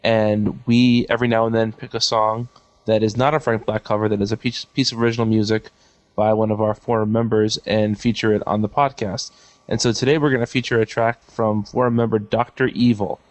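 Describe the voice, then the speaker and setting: Dry sarcastic podcast co-host. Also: male voice, on the low side, little pitch movement, a little fast, no room sound. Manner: dry, sarcastic, matter-of-fact. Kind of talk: casual podcast chat.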